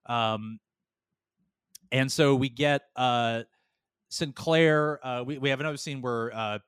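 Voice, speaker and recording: A man's voice: medium pitch, fairly bright tone, clear, resonant tone, dry recording, clean studio sound. A man hosting a podcast, casually recapping an episode in a rambling way with lots of fillers. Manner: rambling, many fillers, slips into quick character voices. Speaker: podcast host.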